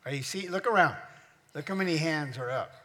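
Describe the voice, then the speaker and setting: A man's voice: a little high, a little fast, a bit bright. A middle-aged man preaching as a pastor, teaching his congregation and asking them questions. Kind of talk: sermon. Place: church hall. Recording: echoey church hall.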